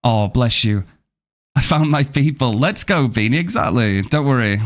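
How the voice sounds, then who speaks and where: Male streamer, casual and upbeat, chats warmly with his viewers, mid-range voice. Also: medium pitch, animated, moderate pace. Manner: upbeat, thanks viewers and reads chat aloud. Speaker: game streamer. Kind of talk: casual live-stream chat.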